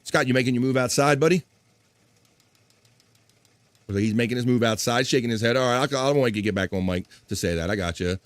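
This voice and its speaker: A man's voice: medium pitch, fairly quick, long pauses, no room sound. Rambling jokey man hosting a live stream. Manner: rambling, jokey, talks to chat by name. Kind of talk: casual chat.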